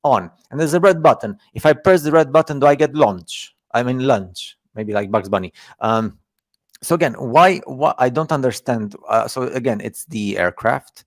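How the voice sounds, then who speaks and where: Sarcastic man, halting, feigning ignorance. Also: medium pitch, animated, dry recording, studio quality. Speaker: video host. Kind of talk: casual ironic commentary on screenshots.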